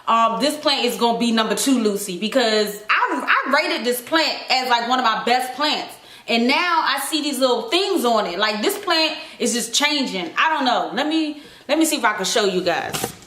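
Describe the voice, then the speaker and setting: A woman's voice: fairly high pitch, animated, normal speed, sharp tone, reverberant. A woman vlogging at home, frantic and pleading as she talks straight to her viewers. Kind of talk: casual vlog to camera. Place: indoors, home room with houseplants. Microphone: camera mic, lit by a ring light.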